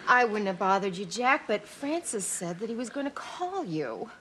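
A woman's voice: mid-range voice, sing-song, moderate pace, heavy background noise, lightly acted. An actress playing a worried young married woman in a sitcom, earnest and pleading. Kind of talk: sitcom acting.

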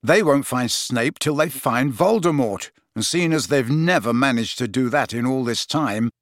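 A man's voice: mid-range voice, moderate pace, no room sound, natural voice. A tense teenage boy with a clipped, blunt way of talking, voiced by a male reader close to his own voice. It sounds close and dry. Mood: angry.

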